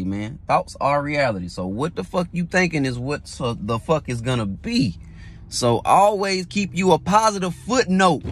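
A man's voice: a little high, fairly bright tone, a little hiss or hum. A man, a musician, giving a blunt, heavily profane motivational talk, hammering points home by repeating them. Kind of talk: casual motivational monologue.

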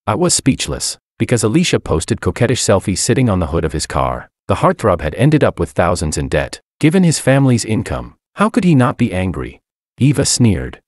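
Deep-voiced man narrating a story. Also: big pitch swings, normal speed, dry recording, studio quality. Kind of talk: scripted first-person story narration.

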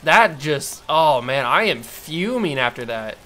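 A man's voice: fairly high pitch, big pitch swings, measured pace, pushed and bright. A man giving casual gameplay commentary, talking to himself and prone to frustrated outbursts. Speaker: gamer.

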